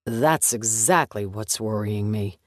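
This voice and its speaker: A man voicing a forty-something retired FBI agent, speaking slow, low and sardonic. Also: dry recording, clean studio sound. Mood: guarded.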